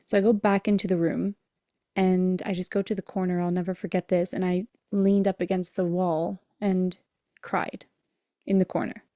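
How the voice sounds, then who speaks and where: A woman's voice: lowish voice, flat delivery, normal speed, warm tone, dry recording, studio quality. A woman hosting a podcast, telling an emotional personal story in an earnest way and acting out the dialogue in it. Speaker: podcast host and breathwork coach.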